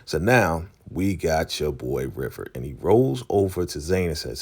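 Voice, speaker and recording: A man's voice: extremely low pitch, lively intonation, unhurried, a little mellow, slightly rough. A man casually recapping a TV episode, talking animatedly and acting out the characters' lines. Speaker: show recap host.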